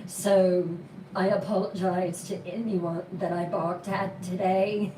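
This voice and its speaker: A woman hosting a live horror storytelling stream, warmly greeting viewers by name in an affectionate, drawn-out way. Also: on the low side, steady tone, slight background noise. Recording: roomy, distant mic with music behind. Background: music.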